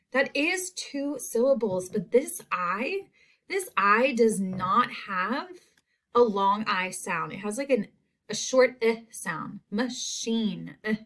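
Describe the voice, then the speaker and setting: A woman teacher giving a recorded spelling lesson to young students, saying each word slowly and clearly. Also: on the high side, lively intonation, fairly bright tone. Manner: slow, clear word-by-word enunciation.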